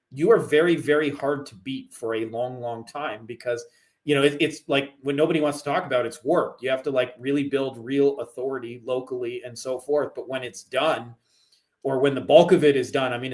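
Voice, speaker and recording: A middle-aged man from Canada, a guest chatting casually about marketing, rambling with lots of "like". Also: medium pitch. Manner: rambling, heavy on "like" fillers. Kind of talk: casual chat.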